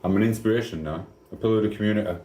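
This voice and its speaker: Talking rapid-fire in a warm, lowish voice, this middle-aged Sheffield man rambles cheekily through replies to his livestream chat, swearing casually. The echoey room adds a little hiss or hum.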